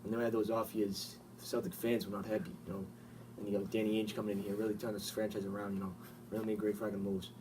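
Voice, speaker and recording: A man's voice: fairly low pitch, little pitch movement, fast, noisy background. A man talking as an interviewed sports fan, crude and constantly swearing. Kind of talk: casual mock interview. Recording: distant mic with clear ambience.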